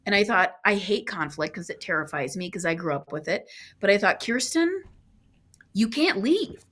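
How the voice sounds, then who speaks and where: A woman guest on a podcast, telling a personal travel story in an earnest, animated way, acting out what people said. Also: on the low side, a little fast, slight background noise.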